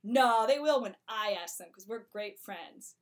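Woman doing a disillusioned wealthy man, mocking, loud, higher-pitched. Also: animated, a little slow. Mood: breezy. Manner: mocking, exasperated retelling. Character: generous then bitter rich man, male.

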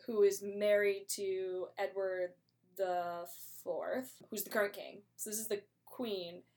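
A woman in a casual chat, retelling a play in a chatty, animated way and acting out the characters' lines. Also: mid-range voice, takes it slowly.

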